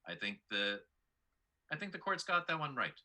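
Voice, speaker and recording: A middle-aged man, a stand-up comedian, chatting as a guest in dry, self-mocking deadpan with hesitant fillers. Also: medium pitch, moderate pace. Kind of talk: deadpan self-deprecating comic chat.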